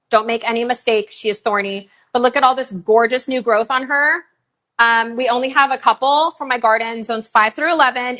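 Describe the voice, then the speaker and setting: A middle-aged woman hosts a live online sale with a bright, forward voice that sits a little high. She chats in a bubbly, gushing way and breaks off into quick countdowns between items. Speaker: live shopping host. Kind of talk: live online sales show.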